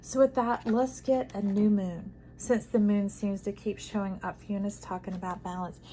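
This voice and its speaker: A woman's voice: medium pitch, fairly even intonation, normal speed, a little hiss or hum, poor audio. Soothing, affirming woman tarot reader. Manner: soothing, affirming, drifts between soft hushes and bursts; addresses listener as friend. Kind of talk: intuitive tarot reading to camera.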